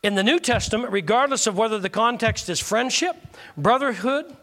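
A man's voice: extremely high pitch, lively intonation, normal speed, fairly bright tone. A male pastor preaching a sermon, joking with and teasing the congregation through call-and-response.

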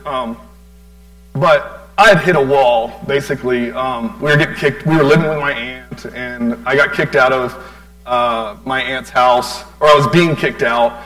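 A man's voice: mid-range voice, a bit bright, low-quality recording. A man in his forties telling a personal testimony to a church crowd, rambling with lots of fillers and asides to the audience. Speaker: church speaker giving a tribute.

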